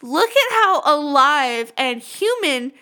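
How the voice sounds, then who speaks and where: Young woman podcast co-host, high bright voice, profane and animated. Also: takes it slowly. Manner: swears a lot, animated storytelling. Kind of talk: casual chat.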